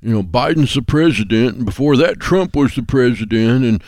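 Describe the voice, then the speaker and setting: A man's voice: medium pitch, lively intonation, normal speed, darkish tone, no echo, voice pushed up, close to an everyday voice. A man voicing a gloomy, self-pitying complainer in a sour, whiny sing-song during talk show banter. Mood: sour grumbling.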